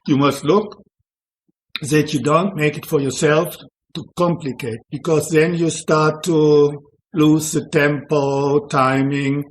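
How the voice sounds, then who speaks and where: A man, a Zen monk, calmly explaining how to drum, in plain instructional English that is not his first language. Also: fairly high pitch, slow, slight background noise. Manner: calm, plain instructional phrasing in non-native English. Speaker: Zen monk teaching drumming. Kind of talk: spoken instruction between drum demonstrations.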